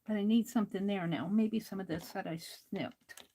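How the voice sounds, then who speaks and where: A woman's voice: medium pitch, normal speed, dark tone, slight background noise, rough recording. An older woman hosting a crafting livestream, talking to herself as she works and chatting with viewers, laughing often. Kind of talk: casual crafting chat while reading viewer comments.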